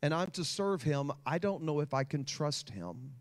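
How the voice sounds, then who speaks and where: A man's voice: on the high side, animated, moderate pace. Man preaching a heartfelt sermon. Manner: storytelling with rising emotional intensity. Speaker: pastor.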